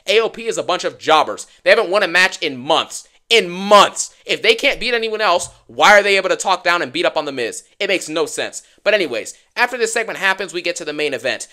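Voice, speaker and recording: Fast-talking man ranting about wrestling. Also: high-pitched, bright, forceful tone. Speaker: wrestling YouTuber. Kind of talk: wrestling show review rant.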